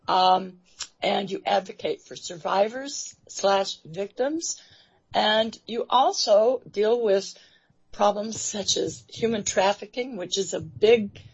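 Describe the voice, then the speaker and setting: A woman hosting an interview program, talking in a halting way with many fillers and restarts. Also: medium pitch, husky. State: emotional, near tears. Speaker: radio show host. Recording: dull lo-fi recording.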